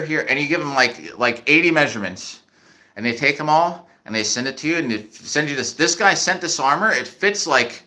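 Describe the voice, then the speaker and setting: Middle-aged male streamer, bright voice, casual rambling chat. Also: medium pitch. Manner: rambling, restarts often, reads chat. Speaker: livestream host.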